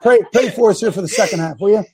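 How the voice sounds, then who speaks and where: A man hosting a Christian talk show as a coach, preaching emphatically, repeating key words slowly and calling out to his crew by name. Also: high voice, crowd noise. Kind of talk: fiery preaching-style talk to viewers.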